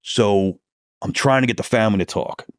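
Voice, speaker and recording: A man's voice: fairly low pitch, normal speed, no room sound, clean studio sound. A man, a police detective, telling stories from the job in a podcast interview, swearing freely and acting out heated phone calls.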